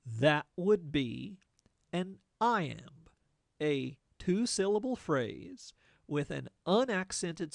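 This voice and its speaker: A man teaching a lesson on poetic form in a deliberate, plain-spoken way, with folksy asides. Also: a little high, gravelly, no echo, clean studio sound. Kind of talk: lecture explaining poetic form.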